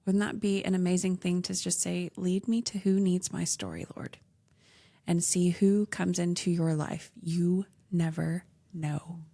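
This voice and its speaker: Lady cohosting a faith podcast, earnest, gets excited and laughs a lot. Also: on the low side, a little slow, gravelly. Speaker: podcast co-host. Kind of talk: faith-based podcast chat.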